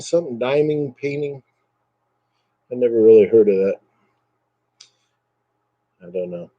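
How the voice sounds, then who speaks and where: A man chats casually with his livestream viewers in a warm, mellow voice, slightly fried and low on energy. He rambles from comment to comment. His webcam mic sounds dry and close. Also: no echo. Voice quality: voice a bit fried. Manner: rambling and chatty, reading out viewer comments, drifting into brief impressions. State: low energy, recovering from illness. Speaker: livestream host chatting with viewers. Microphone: computer webcam mic.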